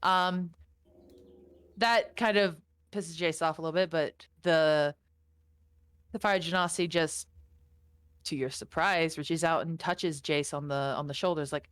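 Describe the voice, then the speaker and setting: A woman's voice: low voice, steady tone, measured pace, pauses often, clear, resonant tone. A woman narrating as game master, casual and swearing a lot. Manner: casual, swearing, voices the figures. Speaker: dungeon master.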